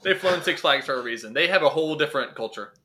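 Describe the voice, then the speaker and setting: A man from North Carolina co-hosts a casual podcast, dropping dry, deadpan jokes. His voice is bright and a bit higher than most. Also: fast. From North Carolina, USA. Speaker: podcast co-host.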